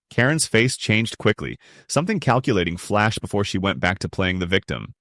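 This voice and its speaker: A man's voice: sits low, big pitch swings, brisk, few pauses, fairly bright tone, no room sound, clean studio sound. A young adult man narrating a first-person family story in a blunt, resentful tone.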